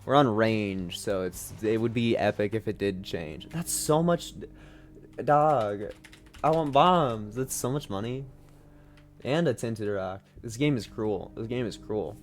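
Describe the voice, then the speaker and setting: A man's voice: fairly low pitch, measured pace. A man streaming a video game from home, giving rambling, self-deprecating, sweary commentary. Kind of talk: casual gaming commentary.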